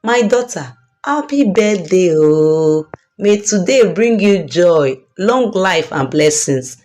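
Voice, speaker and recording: A woman's voice: lowish voice, animated, takes it slowly, darkish tone. A woman voicing an older mother who earnestly warns her daughter. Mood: blessing. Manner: warning, earnest and urgent. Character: worried, protective older mother.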